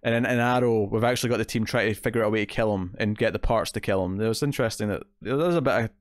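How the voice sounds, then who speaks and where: A man co-hosts a podcast, rambling casually about TV episodes with plenty of fillers and quoted asides. His voice is fairly low and he talks very fast. The recording is dry.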